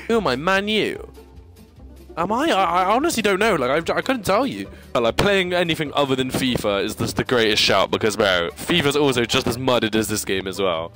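A young man talks over a football game in a casual, ranting commentary. His voice sits slightly high and swings through a very lively range, jumping into sudden yelps, and he stammers through restarts. Faint music plays underneath. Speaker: gaming YouTuber.

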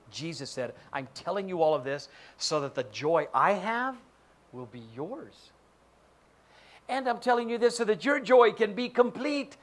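A male pastor giving a sermon in church, joking and acting out quoted voices. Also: fairly high pitch. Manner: animated, jokey, acts out quoted voices. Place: church sanctuary.

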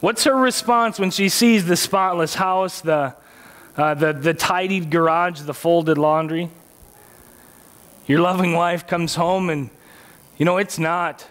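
Man, pastor, high-pitched, conversational sermon, jokes, rhetorical questions. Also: unhurried, fairly bright tone, faint music behind. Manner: conversational, joking, asks the audience rhetorical questions. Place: church.

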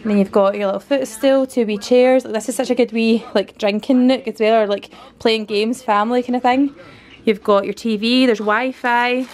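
A woman's voice: a little high, fairly even intonation, moderate pace, darkish tone. A Scottish woman in her thirties giving a chatty, enthusiastic walkthrough tour of a converted canal barge as a family vlogger, filled with "like".

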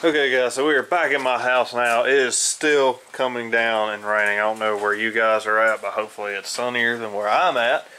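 A man's voice: mid-range voice, steady tone, a little fast, few pauses, sharp tone, clean tone, rough recording. A man vlogging his DIY truck work in a loose, rambling way, full of ums and uhs, talking from inside his house. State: groggy, just woken up. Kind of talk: casual workshop vlog.

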